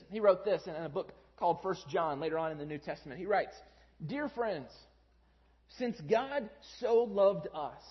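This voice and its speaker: A man in his thirties preaching a sermon as pastor, telling stories in a conversational way and acting out his children's voices. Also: high voice. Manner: conversational storytelling, animated when quoting his kids. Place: large church sanctuary. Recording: dull sound with long hall reverb.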